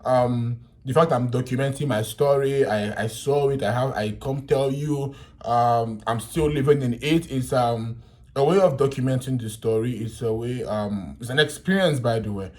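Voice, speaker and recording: Young Nigerian man, mid-pitched voice, vlogger telling an animated, laughing story. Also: moderate pace. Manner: animated, laughing, swings from loud to quiet. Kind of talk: casual storytelling in pidgin.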